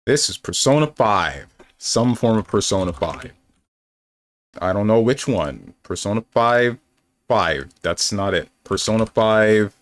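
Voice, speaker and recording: A man's voice: on the low side, animated, measured pace. A young man streaming games, chatting casually and thinking aloud in a rambling, playful way. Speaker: game streamer. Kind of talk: casual live-stream chat.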